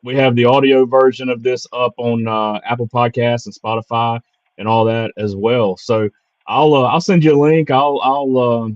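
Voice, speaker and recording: A man's voice: mid-range voice, fairly even intonation, moderate pace, no echo. An easygoing man hosting a podcast who chats casually with his guest and keeps the conversation moving. His voice sounds a little dull and lo-fi, with a dry, close sound. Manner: easygoing, laughs along, steers the conversation. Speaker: podcast host. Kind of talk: casual interview chat.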